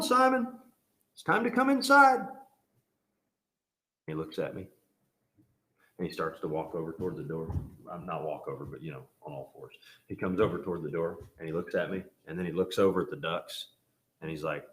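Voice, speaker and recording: A man teaching a Bible class in a casual, joking way, telling animated stories. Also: sits low, reverberant.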